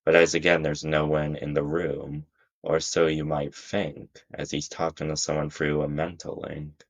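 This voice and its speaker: A man's voice: very deep voice, flat delivery, moderate pace. A man casually narrating a fan-fiction story in a rambling way, with frequent restarts.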